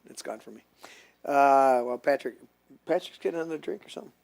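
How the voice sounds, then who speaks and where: A man's voice: mid-range voice, quick pace, gravelly, a little mellow, smooth. A man hosting a casual political chat show who rambles, jokes and sometimes loses his train of thought. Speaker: podcast host.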